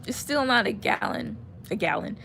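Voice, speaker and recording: A woman's voice: mid-range voice, animated, moderate pace, creaky, a bit bright, a little hiss or hum. A young woman chatting casually on a livestream, answering viewer comments and drifting, laughing and trailing off mid-sentence. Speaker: vlogger reading viewer comments. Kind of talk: casual rambling livestream chat.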